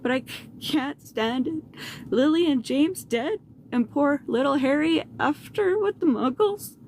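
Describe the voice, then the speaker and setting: A woman voicing a big, gruff but soft-hearted male giant in a storybook reading, humble and polite. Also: medium pitch, brisk, slight background noise, lightly acted. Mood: tearful. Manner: humble, says sir often.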